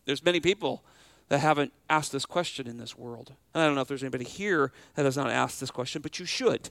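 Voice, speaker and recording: A man preaching a sermon as pastor, slowing down to stress key phrases and repeating words as he restarts. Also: on the high side, creaky, no echo.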